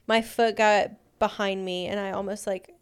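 A woman co-hosting a podcast, telling a story in a casual, animated way, with lots of "like". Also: mid-range voice, clear, resonant tone. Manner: animated, fast anecdotes full of "like". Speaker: podcast co-host.

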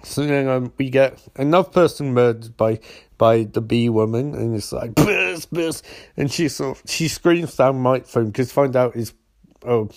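A man rambling sardonically through a comedy recap of a TV episode, with deadpan asides. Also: medium pitch, moderate pace, slight background noise.

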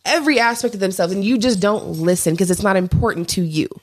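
A woman's voice: medium pitch, quick pace. A young woman co-hosting a podcast, arguing her point in a heated debate with emphatic, punchy declarations. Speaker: podcast co-host.

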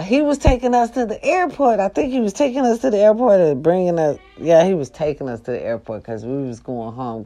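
A woman telling stories casually, animated and profane, who talks straight to her listeners. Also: low voice. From American South. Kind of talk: casual storytelling.

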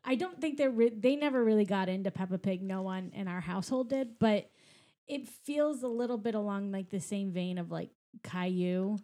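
A woman chatting casually on a podcast, quick to laugh and agree. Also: medium pitch, dark tone. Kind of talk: casual chat.

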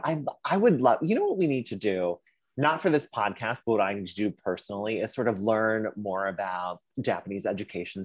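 Animated man on a dry mic. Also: on the low side, no room sound. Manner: animated, swears, puts on sassy voices for quotes. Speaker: podcast co-host. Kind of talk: casual podcast chat.

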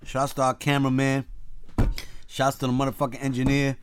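A man hosting a casual show, ranting loudly with heavy slang and swearing. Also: medium pitch, brisk, a little hiss or hum. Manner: loud, animated, swearing, street slang. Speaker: host. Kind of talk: casual profane rant.

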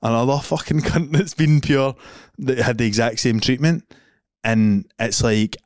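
This young Scottish podcast co-host rambles through a casual chat, swearing, laughing a lot and leaning heavily on fillers. His medium-pitched voice is a little slow and a little mellow, recorded in studio quality with no echo.

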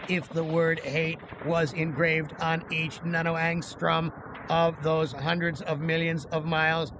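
A man voicing a cruel, hate-filled male supercomputer in a slow, flat robotic monotone. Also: a little high, noisy background, voice pushed up. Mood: hateful.

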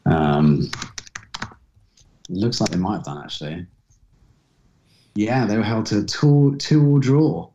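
A man's voice: fairly low pitch, slow, long pauses, mellow. A young man co-hosting a casual podcast, hesitant and self-deprecating, speaking over a video call. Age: young adult. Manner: hesitant, many fillers and restarts, self-deprecating. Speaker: podcast co-host. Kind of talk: casual chat. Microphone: laptop video call. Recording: dull lo-fi call audio.

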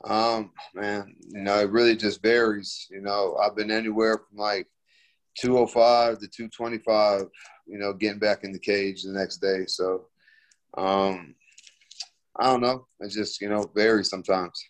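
A man's voice: lowish voice, flat delivery, a little slow. A young man, a fighter, answering interview questions in a laid-back, slangy way full of fillers.

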